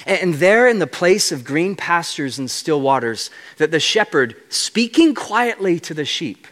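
男性布道者，语调起伏活泼，大厅混响明显. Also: male voice, on the high side, unhurried, hardly any pauses. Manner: animated, playful, explains Hebrew words. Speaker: guest preacher. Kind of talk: sermon. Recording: long reverb of a large hall.

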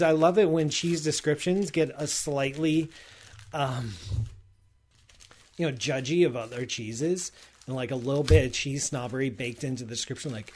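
A man's voice: medium pitch, normal speed, a little mellow. A man hosting a live stream in casual chat, talking enthusiastically with lots of restarts and asides. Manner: rambling, enthusiastic, self-interrupting with likes and restarts. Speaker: livestream host. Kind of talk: casual chat with sponsor read and cheese tasting.

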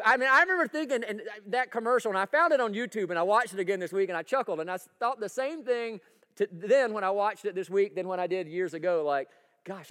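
High-voiced pastor, folksy sermon. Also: male voice, clear, resonant tone, in a large hall. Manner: folksy, energetic, asks the crowd for agreement. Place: church sanctuary.

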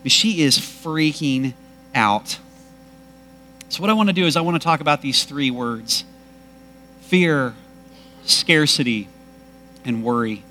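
Bright-voiced man preaching with emphasis. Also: on the high side, takes it slowly, long pauses, a little hiss or hum. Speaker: pastor. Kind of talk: sermon.

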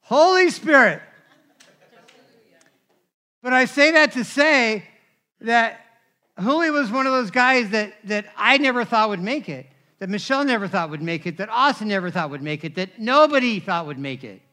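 A man preaching a sermon, telling personal stories in an animated, conversational way and asking the crowd for responses. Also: high voice, normal speed. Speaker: pastor.

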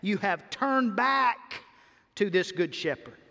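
A man's voice: sits high, animated, slow pace, pushed and bright. A man preaching a sermon with emphatic delivery, repeating key words and rising on his refrains. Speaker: pastor. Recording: hall reverb.

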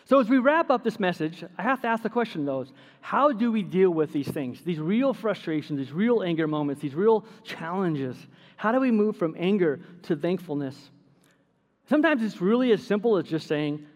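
Animated, high-voiced male pastor in a hall. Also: normal speed. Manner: storytelling, animated, laughs at his own stories. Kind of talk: sermon.

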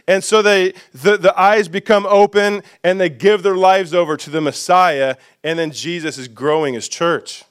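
Man preaching, high voice, smooth and resonant, emphatic, repeats himself, asks the congregation questions, church sanctuary. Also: steady tone, normal speed, hardly any pauses. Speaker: pastor. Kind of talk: sermon.

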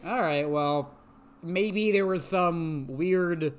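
A podcast co-host recapping a TV episode in casual chat, animated and rambling, swearing freely. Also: medium pitch, drawn-out words.

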